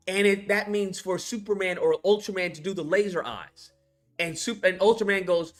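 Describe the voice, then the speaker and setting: This film reviewer speaks a little slowly in a high-pitched voice, with soft background music. Casual and profane, he goes through the film scene by scene and brings the characters to life by acting them out with animation.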